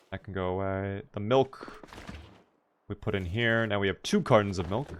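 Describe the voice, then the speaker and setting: A man's voice: on the low side, normal speed, lo-fi sound, slight background noise. A man casually commenting on his gameplay on a live stream, chatty and playful, joking with his chat.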